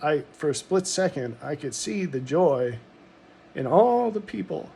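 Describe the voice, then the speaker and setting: A man's voice: on the high side, lively intonation, unhurried, creaky, dark tone, slight background noise. A middle-aged man from Montana telling a personal story in a rambling, reflective monologue, full of ums and restarts.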